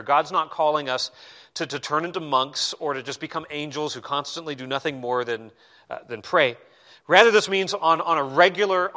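A man preaching a sermon on prayer in an animated, conversational way, with self-deprecating asides. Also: medium pitch. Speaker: pastor.

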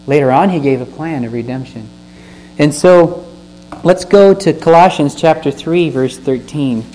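A man's voice: fairly high pitch, unhurried, mellow, low-quality recording. A man preaching a sermon, reading scripture aloud and explaining it with earnest stresses and questions to the listeners. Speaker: pastor. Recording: faint mains hum.

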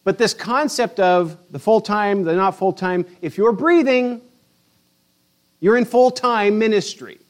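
A man's voice: high voice, measured pace. A man pastor preaching a sermon in a church, earnest and conversational, with frequent restarts. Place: church sanctuary.

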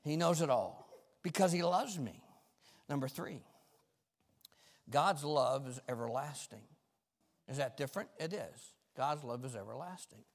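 A male pastor preaching a fervent sermon with folksy, self-mocking humor, swinging between shouts and quiet talk. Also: a little high, animated, measured pace, pauses often. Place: church sanctuary. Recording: long reverb of a church hall.

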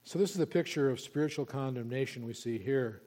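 A man's voice: mid-range voice, a little fast, mellow. Man preaching in a reverberant hall. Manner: emphatic, repeats key words for stress. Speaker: pastor. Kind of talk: expository sermon. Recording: long reverb of a large hall.

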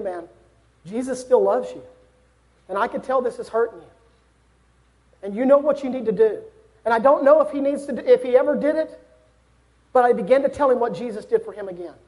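A man's voice: very high-pitched, a little mellow. A young man preaching a sermon, earnest and building to fervent exhortation.

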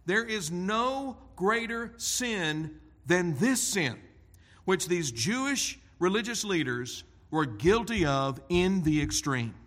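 A man preaching an expository sermon in a deliberate, emphatic way. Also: high voice, expressive, fairly bright tone. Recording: long hall reverb.

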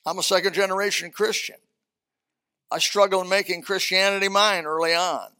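A man's voice: high-pitched, fairly even intonation, brisk, bright, forceful tone, smooth. An older man, a senior pastor preaching a sermon in a church auditorium in a folksy, emphatic way with humorous asides.

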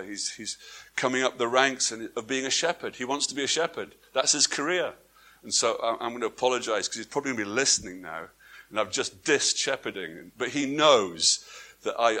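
A man preaching a sermon to a congregation, swinging from quiet, drawn-out phrases to emphatic ones and asking his listeners questions. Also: mid-range voice. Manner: repeats words for emphasis, asks the congregation questions. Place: church before a congregation, also streamed online.

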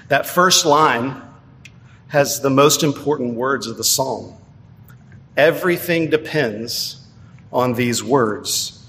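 A male preacher delivering a measured, emphatic sermon, slowing down to stress key phrases. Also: medium pitch, a bit bright, a little hiss or hum. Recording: long hall reverb.

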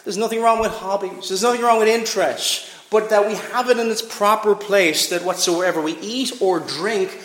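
A man's voice: sits high, moderate pace, few pauses, fairly bright tone. A man in his twenties preaching an earnest, emphatic sermon, his voice rising and falling in volume. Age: 20s. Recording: echoey church hall.

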